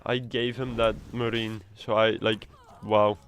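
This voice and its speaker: A man's voice: on the low side, little pitch movement, unhurried, fairly bright tone, a little hiss or hum. A man streaming a video game, chatting casually in a rambling, self-mocking way with stammers and restarts. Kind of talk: casual gameplay chat.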